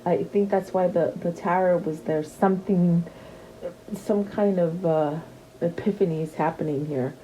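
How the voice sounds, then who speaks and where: A woman's voice: fairly low pitch, steady tone, unhurried, warm tone, a little hiss or hum, poor audio. A woman giving a casual tarot reading, chatty and repeating her questions to the cards, with many fillers and restarts. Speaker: tarot reader.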